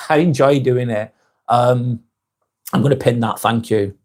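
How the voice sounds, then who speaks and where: A man hosting a live vlog, chatting casually and reading viewers' comments aloud, with frequent "um"s and quick apologies. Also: medium pitch. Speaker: live-stream host.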